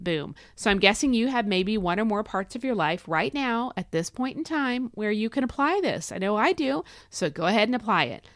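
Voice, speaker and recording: A woman's voice: a little high, lively intonation, a little fast, few pauses, no echo, clean studio sound. A woman hosting a devotional podcast, talking in an earnest, encouraging way and stressing key phrases with emphatic declarations. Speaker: podcast host.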